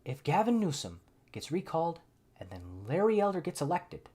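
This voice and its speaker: A man's voice: fairly high pitch, big pitch swings, normal speed, mellow, husky. A man hosting a live political commentary stream, sarcastic and exasperated, thinking aloud with frequent restarts.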